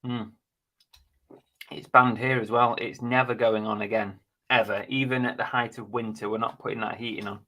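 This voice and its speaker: A man's voice: mid-range voice, level tone, moderate pace, bright, forceful tone. A man hosting a casual live stream, chatting bluntly and jokily while reading out viewer comments.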